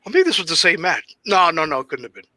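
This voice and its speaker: A man with a very bright, sharp tone tells old stories in a loose, profane way. His pitch sits high and leaps around as he acts out quotes and laughs. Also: fast talker, rough recording. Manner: animated, swearing, acts out quotes with big laughs. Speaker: guest wrestler. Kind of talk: casual shoot interview storytelling.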